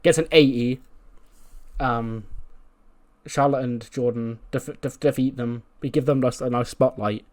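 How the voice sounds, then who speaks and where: A man's voice: mid-range voice, fairly even intonation, measured pace, long pauses, a little mellow. A man narrating a wrestling-management game playthrough in a loose, rambling way. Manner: loose, rambling, many "like"s and restarts. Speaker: let's-play creator.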